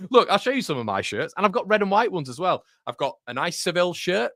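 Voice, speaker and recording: A man's voice: sits high, fast talker, no echo, studio quality. Chatty male football watchalong host. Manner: chatty, addresses viewers as mate, loud bursts of excitement at goals. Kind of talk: live match reaction chat with viewers. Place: home room.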